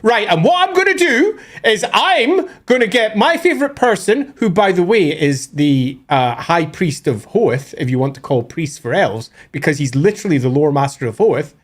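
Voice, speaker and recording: A man co-hosting a live lore stream, excitable and swearing, acting out scenes as he explains. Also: a little high, normal speed, few pauses.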